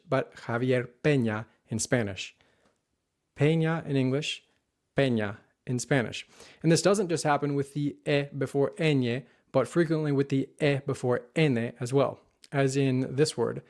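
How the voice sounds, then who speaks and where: A man teaching Spanish pronunciation in an online lesson, saying each word slowly and carefully to show how it should sound. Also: mid-range voice, darkish tone. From United States. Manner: clear, careful modeling of words.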